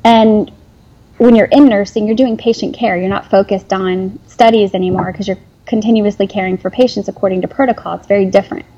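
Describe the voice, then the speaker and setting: A woman's voice: medium pitch, fairly even intonation, fairly quick, warm tone, highs cut off. A woman in her forties, a former nurse and company founder, talking earnestly in an interview, rambling with restarts and fillers. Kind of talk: emotional interview conversation.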